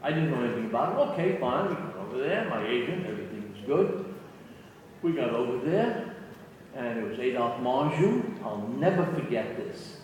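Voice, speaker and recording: An older man, a guest actor at a fan convention, telling an anecdote in an animated way and often repeating his words. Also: mid-range voice, moderate pace, slight background noise. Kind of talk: storytelling Q&A anecdote. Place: convention hall. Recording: echoey hall from far off.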